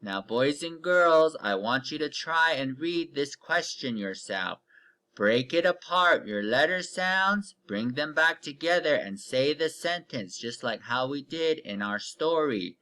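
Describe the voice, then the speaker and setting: Male reading teacher for young kids, slightly high voice, drawn-out phonics modeling. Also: lively intonation, sharp tone. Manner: slow, stretched-out modeling of words with patient step-by-step cues. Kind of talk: recorded online reading lesson for young children.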